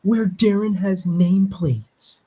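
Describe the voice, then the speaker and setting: A creator chatting casually while watching back their own fan animation, quick and joking and pointing out small details. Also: medium pitch, fairly even intonation, dark tone, breathy edge, rough recording. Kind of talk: casual watch-along commentary.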